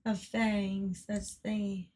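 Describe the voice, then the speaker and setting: A woman livestreamer giving excitable live gaming commentary, swearing a lot and laughing often. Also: medium pitch, takes it slowly.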